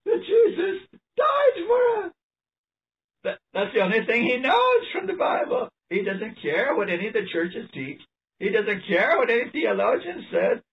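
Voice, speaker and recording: A man preaching an animated, emphatic sermon, reading passages aloud and laughing often. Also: sits high, normal speed, vocal fry. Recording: distant mic, dull lo-fi sound.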